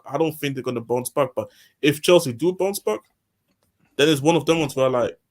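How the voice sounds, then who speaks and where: A man in casual football chat who rambles and repeats himself as he makes his point. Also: medium pitch.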